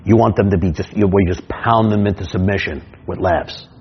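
A man who works as a stage hypnotist, teaching his technique through comic stories in an animated way, repeating himself and restarting his sentences. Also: sits low, husky, dull audio. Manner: animated, repetitive, quick restarts.

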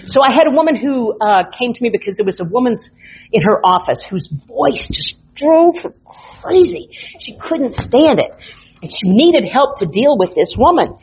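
A woman instructor teaching a hypnotherapy class, telling client stories in an animated, playful way. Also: a little high, normal speed, a little hiss or hum. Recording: dull lo-fi recording.

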